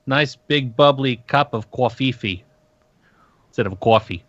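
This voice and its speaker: A man's voice: mid-range voice, a little slow, fairly bright tone, highs cut off, a little hiss or hum. A man co-hosting a casual podcast, laid-back and joking, trading playful banter. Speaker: podcast co-host.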